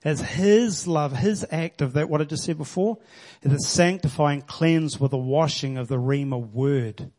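A man's voice: fairly high pitch, moderate pace, a little mellow. A man preaching a sermon in an earnest, conversational way, reading scripture and explaining it.

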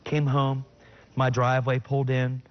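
A middle-aged man tells his personal faith testimony with earnest emotion. He sits at an ordinary pitch for a man, but his voice leaps high in sudden bursts when he quotes his own words. The recording is a little dull and lo-fi. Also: completely flat delivery, normal speed. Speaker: guest sharing his testimony.

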